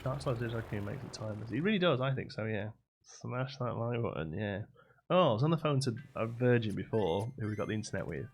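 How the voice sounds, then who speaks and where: A man's voice: lowish voice, expressive, fairly quick. A man chatting casually while live-streaming a game, rambling and laughing between stories. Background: game music.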